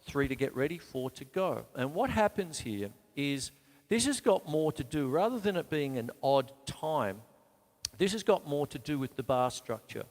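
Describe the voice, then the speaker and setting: A man teaches drums on a live stream, chatty and quick to poke fun at himself. His voice sits a touch high and swings lively as he counts out beats. It rings with a long reverb, and faint music sits underneath. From Australia. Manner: chatty, counts beats aloud, self-mocking asides. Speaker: drum teacher and show host. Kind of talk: live-streamed drum lesson. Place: home studio with drum kit.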